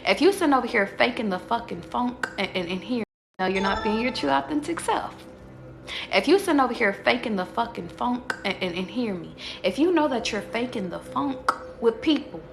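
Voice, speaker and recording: A woman's voice: a little high, expressive, brisk, creaky, hardly any pauses, reverberant, over music. A woman who reads tarot, giving a casual livestream pep talk to her viewers. She talks profanely and emphatically and keeps asking rhetorical questions. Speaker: tarot reader.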